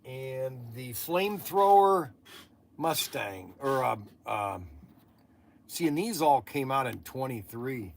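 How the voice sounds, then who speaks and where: A man's voice: medium pitch, expressive, slow pace, gravelly, slight background noise. A man hosting a casual livestream, talking in a chatty, rambling way, laughing often and restarting his sentences. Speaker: livestream host.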